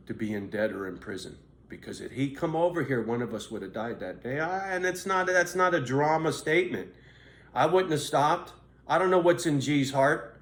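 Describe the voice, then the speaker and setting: A middle-aged man bluntly telling his own story in a profane, street-tough way. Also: medium pitch. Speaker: vlogger. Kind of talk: candid personal monologue. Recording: roomy echo, faint background noise.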